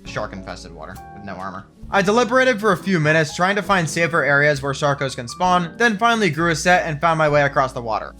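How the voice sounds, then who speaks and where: A young man narrating his survival game run and reacting excitedly and sarcastically, swearing often. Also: fairly high pitch, quick pace, few pauses, faint music behind. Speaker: gaming video creator. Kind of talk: game commentary with scripted narration.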